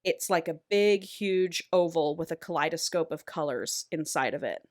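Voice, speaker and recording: A woman co-hosting a podcast, retelling a novel in an animated, casual way and swearing freely. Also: deep voice, moderate pace, dry recording, clean studio sound. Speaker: podcast co-host. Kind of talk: casual book recap.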